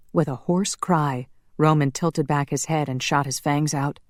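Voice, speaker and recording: A woman narrating a paranormal romance audiobook in a measured, steady way. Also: deep voice, dry recording, clean studio sound.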